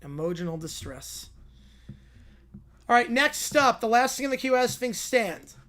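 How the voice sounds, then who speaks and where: A man's voice: very high voice, sing-song, unhurried, a bit bright. A man hosting a livestream in a loose, chatty way. He reads and reacts with easy amusement, talking to his viewers. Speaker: livestream host. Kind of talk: casual livestream commentary.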